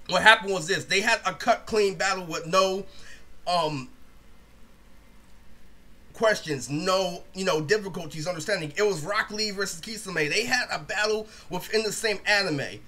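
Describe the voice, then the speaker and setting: A man's voice: high voice, sharp tone. A young man ranting casually in a rambling, profane way, saying "literally" over and over. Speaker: video creator. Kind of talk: casual storytime rant.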